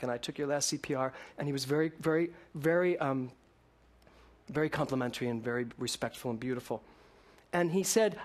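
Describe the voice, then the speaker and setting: A man preaching a sermon to a congregation, swinging between loud emphatic lines and hushed ones. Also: on the high side. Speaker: minister.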